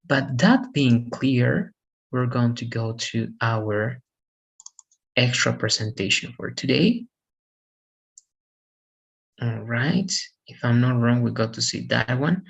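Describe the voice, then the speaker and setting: A man's voice: medium pitch, slow, vocal fry, long pauses, fairly bright tone, low-quality recording. A man teaching an English lesson, explaining pronunciation rules patiently and correcting himself as he goes. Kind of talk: online classroom lesson.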